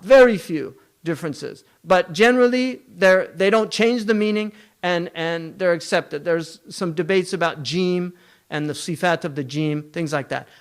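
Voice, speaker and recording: Emphatic man lecturing. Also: high-pitched. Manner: emphatic, rhetorical questions, long spoken lists. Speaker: Islamic scholar lecturing.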